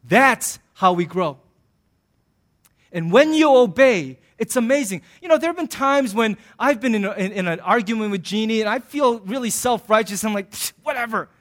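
Male pastor, high voice, sermon with animated asides and playful humor. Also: normal speed. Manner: humorous, conversational preaching.

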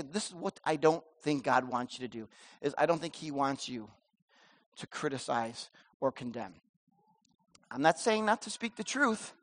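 A middle-aged male pastor preaching a sermon in a church, animated, moving between loud emphasis and soft asides. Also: fairly high pitch.

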